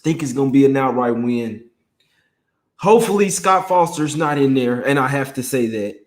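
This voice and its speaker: A young man hosts a relaxed sports betting livestream, talking in loose, slangy banter with a mid-range voice. The sound bounces around a roomy, echoey room. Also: mid-range voice, normal speed. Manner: slangy, laid-back banter, greets chat by name. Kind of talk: casual livestream chat.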